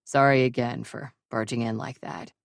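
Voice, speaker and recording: A woman voicing a rough, sheepish young male hockey player who is hungover, his voice low and rasping in an audiobook. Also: steady tone, normal speed, no echo, clean studio sound. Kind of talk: audiobook character reading.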